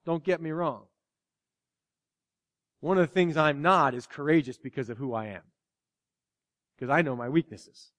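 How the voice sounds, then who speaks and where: A man preaching a sermon as pastor, animated, dropping to a hush and acting out quoted lines. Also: fairly high pitch, moderate pace, pauses often. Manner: animated, swings from loud to hushed, acts out quotes. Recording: long hall reverb.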